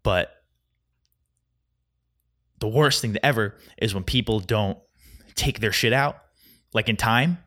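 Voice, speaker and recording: A young man with a slightly low voice hosts his own podcast, ranting casually. He talks fast and rambles, his stories tumbling out with an anxious, nervous energy. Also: a bit bright. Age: young adult. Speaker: solo podcast host. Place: Chicago.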